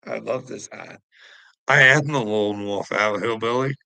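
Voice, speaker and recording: A Canadian man hosting a livestream, goading the people in his chat and chuckling after nearly every line. He talks in an unhurried drawl with a bright, forceful edge, and his voice is close and dry with no room sound. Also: lowish voice, creaky, no echo, low-quality recording. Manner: taunting, laughs often between phrases; addresses chatters by name, mocking. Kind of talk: casual livestream chat with viewers.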